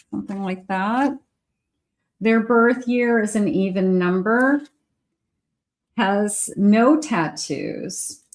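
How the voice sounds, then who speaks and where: A woman giving a casual tarot reading to camera, musing aloud in an unhurried way and talking to spirit as she pulls cards. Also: mid-range voice. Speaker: psychic tarot reader.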